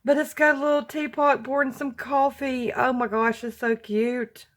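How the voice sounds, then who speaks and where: A woman, a crafting vlogger opening happy mail and gushing softly over each item. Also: sits high, fairly even intonation. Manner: gushing, slow and soft-spoken. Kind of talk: casual unboxing chat.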